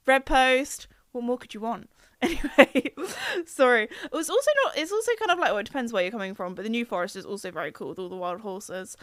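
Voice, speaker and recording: A woman's voice: a little high, a bit bright, no room sound, studio quality. A young woman hosting a podcast, chatting casually and giggling as she reads out listener comments. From England. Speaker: podcast host. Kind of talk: casual chat reading comments.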